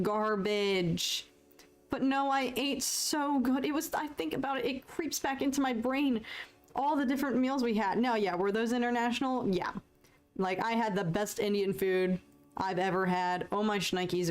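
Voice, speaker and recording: A young American woman chatting casually and excitably while painting on a live stream, joking at her own expense and answering viewers. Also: fairly high pitch. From United States. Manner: chatty, excitable, self-deprecating, reads chat aloud.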